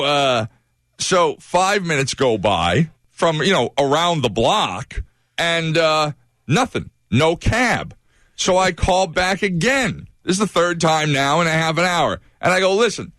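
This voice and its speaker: A man's voice: on the high side, a little slow, no echo, clean studio sound. A man hosting a morning radio show, telling a story with energy and acting out what each person said. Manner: animated storyteller who acts out quoted voices.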